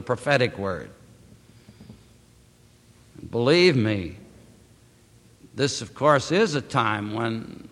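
A man preaching a sermon, reading scripture aloud and speaking to the congregation with emphatic, drawn-out phrasing. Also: medium pitch, animated, a bit bright. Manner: addresses congregation as beloved. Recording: long hall reverb.

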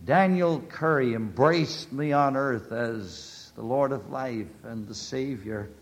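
A male preacher voicing Christ in a story, pleading slowly and tenderly for a sinner. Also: medium pitch.

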